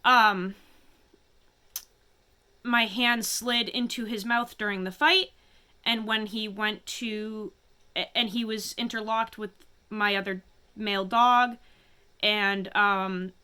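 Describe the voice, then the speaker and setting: Bright, clear-voiced woman holding back tears. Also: mid-range voice, steady tone. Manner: halting, emotional, many restarts and pauses. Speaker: vlogger. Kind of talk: personal confession to camera.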